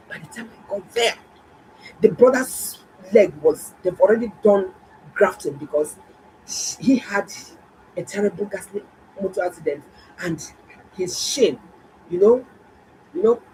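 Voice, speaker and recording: A middle-aged woman, a doctor, telling viewers a story in a casual, animated and exclaiming way. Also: on the low side, slight background noise, rough recording. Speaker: doctor and health vlogger.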